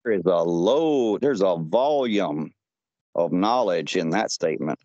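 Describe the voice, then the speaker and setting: A man's voice: low voice, animated, unhurried, a little mellow, dry recording. A man on a podcast call, retelling a strange conversation in a rambling way with lots of "he says.". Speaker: podcast guest. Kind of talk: casual podcast storytelling. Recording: dull lo-fi audio.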